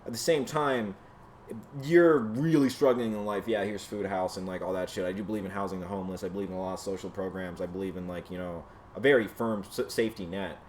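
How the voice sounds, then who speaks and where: A man hosting his own show, delivering a heated, profane rant to a camera, swinging from shouting to low muttering. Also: steady tone, quick pace, slight background noise. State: sweaty from exertion. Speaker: podcast host. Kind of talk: solo ranting commentary to camera. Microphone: camera mic.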